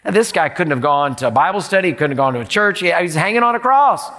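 Male pastor with a slightly high voice, preaching rhetorically in a big echoing hall. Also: lively intonation, quick pace, sharp tone. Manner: rhetorical, repeats questions. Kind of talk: sermon. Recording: long reverb in a large hall.

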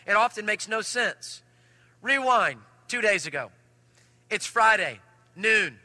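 A man preaching a sermon, telling a personal story in an animated way that swings from loud to hushed. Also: sits high, slow pace, dry recording. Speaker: pastor.

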